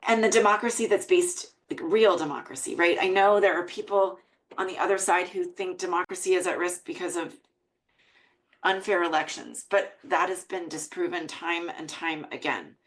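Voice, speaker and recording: A woman's voice: on the low side, moderate pace, low-quality recording. An American woman hosting a parenting podcast, speaking in an earnest, emotional monologue. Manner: earnest and emotional, reading quotes aloud. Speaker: podcast host.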